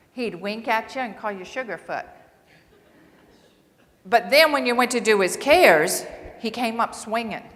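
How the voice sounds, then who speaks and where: A woman nursing assistant and coach giving an earnest, animated storytelling speech to a large audience. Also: fairly high pitch. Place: large hall before several hundred people. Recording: long reverb of a large hall.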